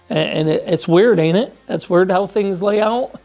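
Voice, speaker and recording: Gravelly, fairly high-voiced man from Michigan, folksy plain talker, soft music underneath. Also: moderate pace. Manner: plainspoken, folksy, repeats himself. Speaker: hunter telling his story. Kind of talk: casual storytelling.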